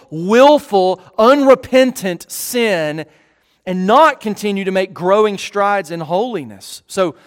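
A man in his thirties preaching a sermon, earnest and emphatic, slowing on key words and often restarting phrases. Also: high voice, in a large hall. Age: 30s. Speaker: pastor.

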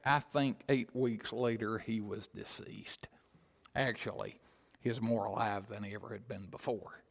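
A man preaching a sermon, swelling to loud emphatic proclamation and dropping to quiet storytelling. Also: mid-range voice, creaky. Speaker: pastor. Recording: long hall reverb.

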